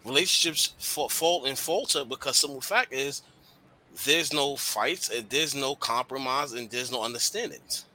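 A young man hosts a casual podcast and speaks bluntly about relationships. His voice is very bright, and his talk is loose, slangy and full of swearing. He gets animated as he makes his points. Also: medium pitch, moderate pace. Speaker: podcast host.

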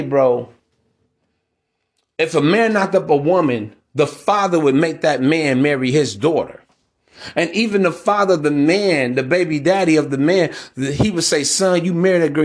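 A man's voice: a little high, animated, normal speed. Blunt, profane male podcaster. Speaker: podcast host. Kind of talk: casual monologue.

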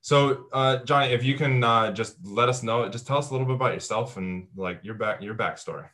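A man hosting a podcast interview, talking haltingly with many fillers and restarts. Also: mid-range voice, a bit bright. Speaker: podcast host.

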